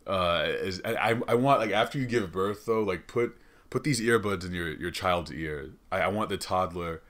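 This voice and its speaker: A man's voice: sits low, normal speed, fairly bright tone. A man hosting a comedic podcast monologue, rambling, swearing a lot and laughing often. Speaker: podcast host. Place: studio.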